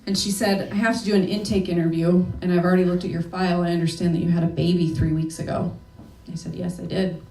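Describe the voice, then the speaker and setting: Young woman telling a raw personal story, lowish voice, sounds far from the mic. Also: level tone, fast, few pauses, dark tone, a little hiss or hum. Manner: candid, emotional storytelling with casual swearing. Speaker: speaker. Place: event hall. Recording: echoey room from far off.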